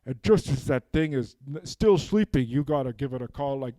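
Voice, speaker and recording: A man's voice: mid-range voice, lively intonation, moderate pace, mellow, no echo. A man doing a rambling, improvised comic monologue who keeps asking "okay?", speaking into a handheld mic. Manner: rambling, drops "okay?" after nearly every phrase. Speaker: improv comedian. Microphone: handheld microphone.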